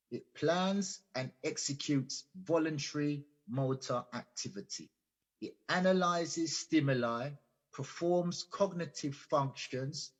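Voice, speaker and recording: An invited guest speaker on a radio show, a husky-voiced man with a fairly high pitch, gives an earnest, explanatory, lecture-style talk, often repeating and restarting words. The audio is dull and lo-fi.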